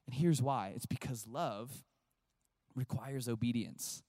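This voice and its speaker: A man pastor giving a casual, animated sermon to a young crowd, chatting and acting out short voices. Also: medium pitch, slow pace, no room sound, studio quality.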